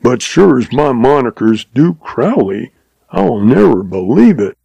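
A man's voice: mid-range voice, big pitch swings, a little slow, vocal fry, warm tone, husky, no echo, heavily acted, rough recording. A man voicing a fat, goggle-eyed older townsman who mutters in disbelief. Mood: disbelieving.

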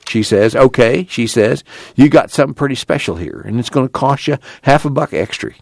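A man's voice: medium pitch, fairly quick, gravelly, no echo, voice pushed up. A man voicing a blunt, impatient tough man who scolds crudely and gives orders.

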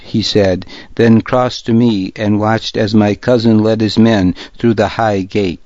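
A man reading a first-person audiobook in a measured, grave manner, close to the mic in a dull, lo-fi recording. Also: lowish voice, fairly even intonation, a little mellow, dry recording. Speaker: audiobook narrator. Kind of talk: first-person scripted narration.

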